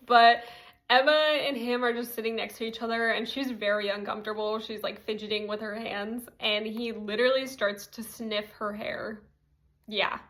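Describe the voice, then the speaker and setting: A young woman with a somewhat high voice talks through a TV episode in a loose, chatty way. She leans on "like" constantly and slips into giggly asides. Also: a bit bright. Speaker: TV recap commentator. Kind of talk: casual TV recap commentary.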